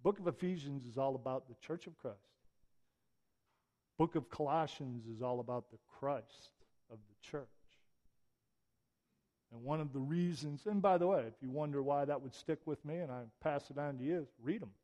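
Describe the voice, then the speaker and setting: A man's voice: mid-range voice, normal speed, pauses often, mellow. A middle-aged man preacher giving a conversational sermon, mixing wry humor into his lesson.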